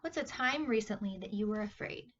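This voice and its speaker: A woman teaching Sunday school, reading a Bible story to children in an animated, questioning way. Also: medium pitch, fairly quick, distant mic, highs cut off. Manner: animated, questioning, talks to kids directly.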